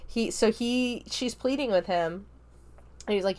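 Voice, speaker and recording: A woman on her podcast talks through a film review in a loose, conversational way, full of fillers like um and like. Her voice sits on the lower side for a woman. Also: a little slow, a little mellow. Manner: chatty, many fillers like um and like. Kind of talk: casual spoken film review.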